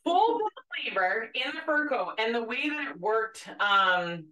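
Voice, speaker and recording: A woman co-hosting a podcast, a former labor and delivery nurse telling a story in animated, casual chat full of fillers and laughter. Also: a little high, measured pace, far from the mic. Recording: echoey room, voice a bit off-mic.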